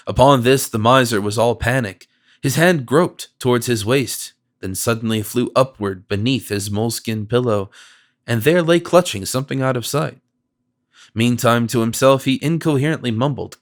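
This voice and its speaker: A man reads a classic novel aloud as an audiobook. His narration is measured and expressive, with a mid-pitched voice.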